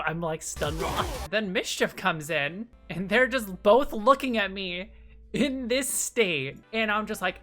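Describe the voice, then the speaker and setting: A woman's voice: mid-range voice, slow pace, a bit bright. A young woman VTuber telling a funny personal story in a rambling, casual way, laughing and swearing as she goes. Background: background music.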